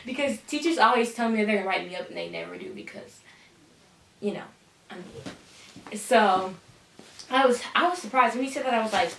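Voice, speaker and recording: A woman's voice: on the high side, animated, moderate pace, gravelly, recorded from a distance. A teenage girl tells a storytime vlog casually, with sass and dramatic asides. She sits a little back from the mic. The room around her sounds echoey. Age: teens. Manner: sassy, dramatic, says "honey". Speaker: vlogger telling a story.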